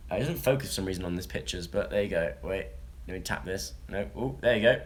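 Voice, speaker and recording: A man's voice: deep voice, fast. A young man, chatting casually as he reads odd news stories to viewers, jokey and rambling. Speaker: vlogger. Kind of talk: casual chat, reading news stories to a live audience.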